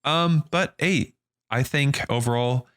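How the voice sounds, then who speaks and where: A man's voice: medium pitch, slow pace, fairly bright tone, no room sound, clean studio sound. A man co-hosting a casual movie review podcast, talking in a laid-back way with lots of "like" and "you know". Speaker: podcast co-host.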